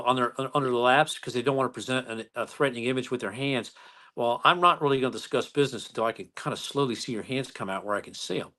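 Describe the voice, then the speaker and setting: Police officer guy chatting on a show, calm and easygoing, mid pitched. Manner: calm, unhurried storytelling. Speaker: police officer, interview guest. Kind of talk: casual chat.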